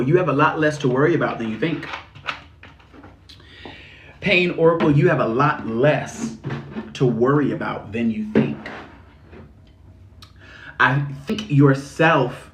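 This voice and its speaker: A man giving spiritual readings on a livestream, talking in a sassy, slangy, animated way. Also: mid-range voice, measured pace, long pauses, a little hiss or hum. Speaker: spiritual reader. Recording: echoey room.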